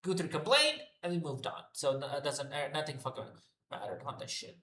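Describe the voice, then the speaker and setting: A man's voice: on the high side, big pitch swings, a little fast, pushed and bright, slight background noise. Profane, exasperated ranting man, echoey room. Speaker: wrestling show reviewer. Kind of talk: unscripted solo rant review.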